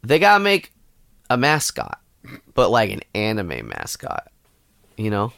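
A goofy man co-hosting a podcast and riffing on jokes. His pitch bounces around a lot in loose, casual chat. The sound is dry and close. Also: wildly swooping pitch, a little slow, vocal fry, a bit bright, no room sound. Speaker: podcast co-host.

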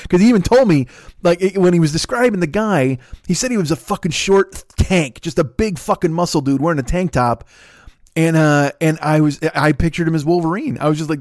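A middle-aged man with a Chicago accent telling a profane, animated story in casual chat, swearing often and laughing between lines. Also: fairly high pitch, brisk, no echo, studio quality. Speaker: podcast host.

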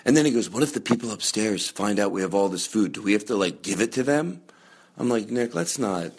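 A man hosting a comedy podcast, rambling through a chatty monologue with loud bursts of mock anger and frequent swearing. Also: on the low side, expressive, a little fast, husky. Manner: chatty, with many fillers and restarts. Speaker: podcast host.

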